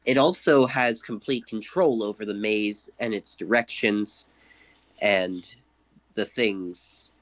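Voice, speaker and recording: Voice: mid-range voice, slow, a bit bright, rough recording. A game master casually narrating a tabletop game with loose pacing and fillers.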